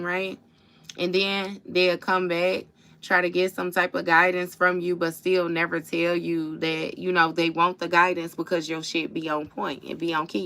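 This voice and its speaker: A woman reads tarot live into her phone at home, blunt and profane, with a streetwise storytelling flow. Her voice sits low and gravelly with a bright, forceful edge. A faint hiss runs under it. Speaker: tarot reader. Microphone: phone or webcam for a livestream.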